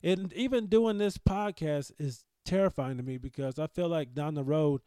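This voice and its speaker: A man's voice: a little high, moderate pace, warm tone, smooth, dry recording. A man hosting a podcast, telling a personal story in an anxious, self-deprecating, rambling way. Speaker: podcast host.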